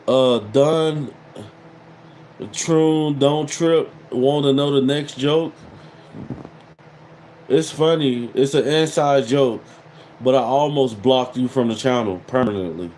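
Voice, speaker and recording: A man's voice: mid-range voice, slow pace, pauses often, darkish tone, slight background noise, low-quality recording. A man in his thirties hosting a casual livestream, reading viewer comments and mocking them with repeated catchphrases. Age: 30s. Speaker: livestream host.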